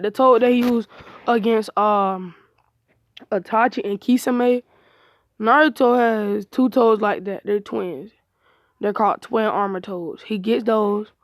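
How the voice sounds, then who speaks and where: A woman improvises a fan-fiction story casually, rambling, restarting often, and using slangy grammar. Her voice is medium-pitched, with no echo in the recording.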